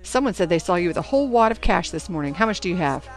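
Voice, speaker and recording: A woman's voice: on the low side, lively intonation, quick pace, soft background music, lightly acted. A woman doing a snide rival schoolgirl. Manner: snide, prying.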